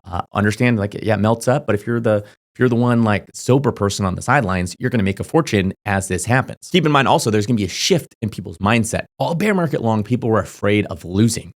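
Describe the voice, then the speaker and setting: A young man talking casually to camera, giving crypto advice in a rapid, emphatic way, full of fillers and checking in with "okay?". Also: lowish voice, animated. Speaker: crypto YouTuber.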